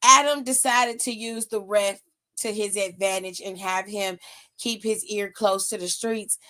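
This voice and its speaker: Slow-talking woman ranting about wrestling. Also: fairly even intonation, pushed and bright. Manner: blunt, profane, exasperated, laughs and pitch jumps up when mocking. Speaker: wrestling aftershow host. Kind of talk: casual wrestling recap rant.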